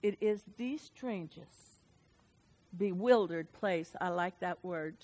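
A woman preaching a sermon with an animated, dynamic delivery that swings between hushed and loud. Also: on the low side, takes it slowly, in a large hall, poor audio.

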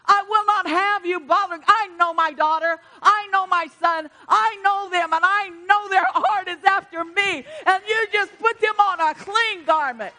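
A woman's voice: extremely high pitch, moderate pace, hardly any pauses, bright, forceful tone, voice pushed up. God as a fatherly, commanding judge, as a preacher puts him on. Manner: emphatic, reassuring.

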